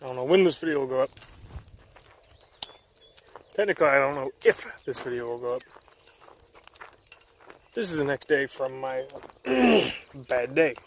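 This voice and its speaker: Young man, casual walking vlog, animated rambling, handheld camera, outdoors in woods. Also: medium pitch, normal speed, pauses often, a little hiss or hum. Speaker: vlogger.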